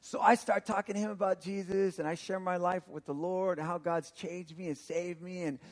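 A middle-aged man from Texas, a pastor preaching a sermon and telling a personal story in an animated way. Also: high voice, normal speed. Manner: animated storytelling, acts out quotes with laughter.

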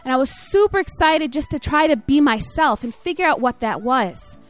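A woman's voice: high voice, lively intonation, moderate pace, soft background music. A young woman leading a children's church message online, encouraging and telling a story. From Michigan, USA. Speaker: children's ministry leader.

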